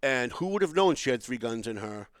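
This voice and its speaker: Expressive and slightly quick, the mid-range voice belongs to a Boston-area man hosting a podcast. In a casual political conversation, he tells a lengthy story and keeps restarting it, with no room sound audible.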